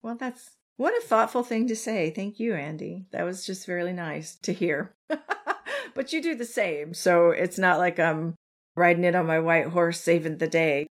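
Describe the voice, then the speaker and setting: A woman hosts a podcast over a remote call. Her voice sits a touch low, and she is gracious and laughs easily. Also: normal speed. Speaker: podcast host. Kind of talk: casual remote podcast chat.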